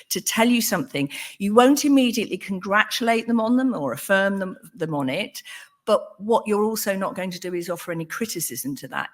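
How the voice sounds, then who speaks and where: Older woman, earnest therapist. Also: sits low. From England. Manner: thoughtful, earnest, with fillers and restarts. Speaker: psychotherapist. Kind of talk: talk on a panel.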